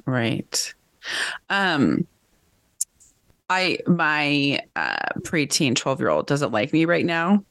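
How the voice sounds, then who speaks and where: A woman co-hosting a book club podcast, chatty and animated, laughing often. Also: deep voice, very slow, long pauses, no echo. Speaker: podcast co-host. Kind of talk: casual book club chat.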